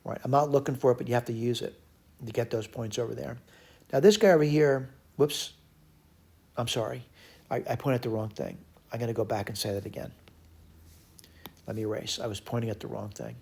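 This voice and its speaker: Man teaching math, mid-pitched voice, thinks out loud, corrects his own slips. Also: fairly even intonation, brisk, gravelly, pauses often, slightly rough. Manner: talks to himself while working problems, frequent self-corrections. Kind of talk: recorded math lecture.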